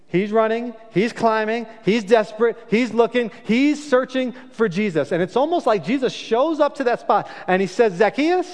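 A man preaching a sermon as a pastor, telling a story with lively shifts between quick bursts and slow, hushed emphasis. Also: very high voice, long reverb tail. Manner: animated storytelling, pace and loudness swinging widely.

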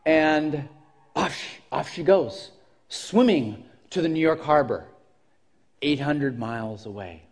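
A man's voice: fairly high pitch, lively intonation, slow pace, long pauses, breathy edge. A man preaching a sermon in a church, telling a story with frequent restarts. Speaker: pastor.

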